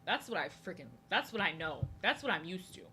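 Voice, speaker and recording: Her sing-song voice sits on the low side and moves fairly quickly, sharp in tone, with a bit of background noise. She's a young art streamer casually talking to her chat while she draws, replying to viewers and repeating herself often.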